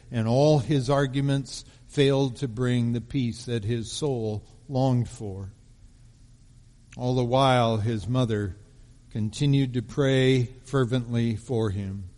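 Male pastor, mid pitch, measured storytelling sermon, long hall reverb. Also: a little mellow. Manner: measured storytelling delivery, slowing for emphasis.

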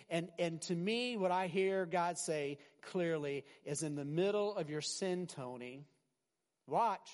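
A middle-aged man preaching a sermon as pastor, animated, swinging from loud emphasis to quiet asides and often restarting his words. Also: a little high, slow. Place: large hall with a congregation. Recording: long hall reverb.

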